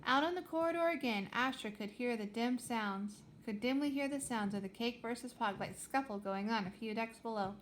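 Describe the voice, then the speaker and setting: A woman reading a children's space adventure aloud with lively, expressive storytelling. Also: on the high side, normal speed, hardly any pauses, a little hiss or hum. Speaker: reader.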